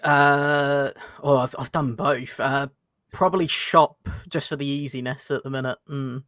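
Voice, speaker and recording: A young man answering quick questions in a casual chat, with short replies and soft laughs. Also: mid-range voice, fairly even intonation, dry recording, studio quality. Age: young adult. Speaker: guest reviewer.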